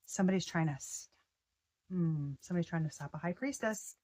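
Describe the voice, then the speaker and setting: Woman, tarot reader, casual spiritual reading, excitable, slangy, cuts herself off and restarts. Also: lowish voice, a little fast. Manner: excitable, breaks off mid-sentence and restarts; slangy and profane.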